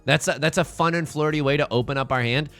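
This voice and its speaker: A young man streaming a mahjong game, chatting casually and joking with playful, drawn-out emphasis. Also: a little high, a bit bright, soft background music. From China. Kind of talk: casual live-stream commentary while playing mahjong.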